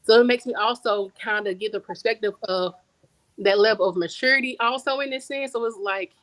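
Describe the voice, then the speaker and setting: A woman's voice: mid-range voice, brisk, fairly bright tone, no room sound, rough recording. A woman author talks on a podcast in a mid-range voice. She tells stories in loose, slangy speech and repeats words to drive a point home. The sound is dry and close, with no room around it. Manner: emphatic, repeats words for stress; storytelling, conversational slang. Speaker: guest author. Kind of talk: casual podcast interview.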